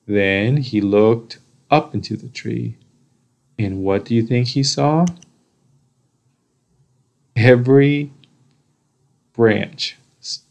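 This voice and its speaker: A man reads a children's storybook aloud at a very unhurried pace. His voice has a gravelly fry, and he lingers over the repeated phrases with pauses. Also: on the low side, darkish tone. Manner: slow, deliberate, with repetitions and pauses. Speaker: storybook reader.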